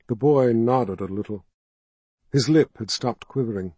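A man narrating a fantasy audiobook in a measured, even storytelling manner. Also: mid-range voice, slightly rough, no echo.

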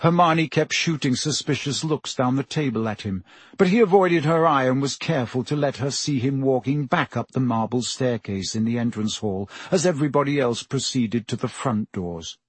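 A man's voice: medium pitch, normal speed, husky, no echo. A man reading a novel aloud as an audiobook narrator, telling the story steadily. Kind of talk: scripted narration.

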